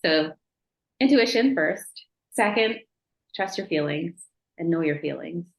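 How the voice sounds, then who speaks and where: A lower-pitched woman talks as a podcast guest, earnest and reflective with frequent laughs. Her voice sits in a noticeably echoey room. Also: animated, measured pace, creaky. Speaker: podcast guest, former client. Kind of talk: casual interview chat. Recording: roomy echo.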